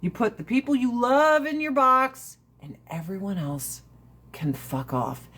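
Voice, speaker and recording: A woman's voice: mid-range voice, sing-song, slow, a bit bright, slight background noise. A woman in her forties chatting casually with viewers on a livestream, brash and profane, ranting and laughing often. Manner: laughs often between lines.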